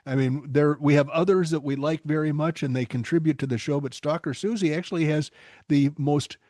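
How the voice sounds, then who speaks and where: Older male podcast host, slightly raised pitch, close dry sound, wry joking delivery. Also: fairly even intonation, a little fast, darkish tone, no echo. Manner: wry, joking, reads headlines aloud with commentary. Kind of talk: casual podcast chat.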